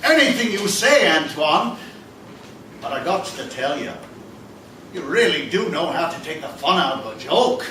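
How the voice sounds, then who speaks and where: An actor playing a randy, cheeky sidekick who teases and keeps digressing in a live stage comedy. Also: male voice, a little high, very animated, normal speed, bright, forceful tone. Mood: teasing. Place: small theater stage. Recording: echoey theater from far off, faint hiss.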